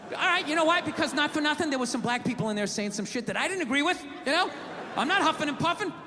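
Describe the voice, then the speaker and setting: Ranting, high-voiced male stand-up comic. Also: lively intonation, fast talker. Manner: ranting, profane, exasperated. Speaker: stand-up comedian. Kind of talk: stand-up routine. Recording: live hall with crowd noise.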